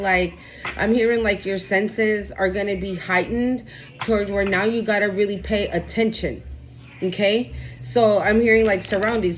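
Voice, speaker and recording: A woman's voice: medium pitch, slight background noise. A woman giving a casual tarot card reading, swearing freely and checking in with "okay?" a lot. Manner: casual, profane, repeats "okay?" often. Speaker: tarot reader.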